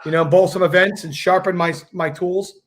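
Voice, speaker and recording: A man's voice: high voice, fairly even intonation, normal speed, a bit bright. A man guest on a casual video-call chat, talking in a rambling way with many fillers and restarts. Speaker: guest bowler.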